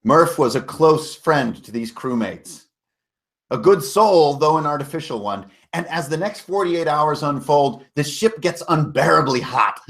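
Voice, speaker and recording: A man's voice: fairly high pitch, fairly bright tone. A man narrating a tabletop game recap as game master, casual and storytelling, with self-corrections and mild swearing.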